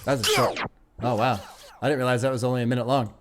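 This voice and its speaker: A man at a middle pitch giving casual commentary on an album as its host. He talks with loose enthusiasm, laughs often and swears freely. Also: fast, over loud music. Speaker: music reaction host.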